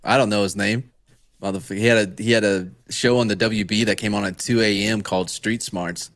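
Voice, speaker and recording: A man's voice: lowish voice, steady tone, brisk, fairly bright tone, dry recording, studio quality. A man co-hosting a casual podcast, talking in a laid-back way full of profane slang. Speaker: podcast co-host.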